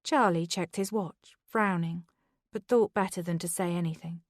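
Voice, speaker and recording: A woman narrating a thriller audiobook in a measured, even way, close to the mic. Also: on the low side, dry recording. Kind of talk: scripted narration.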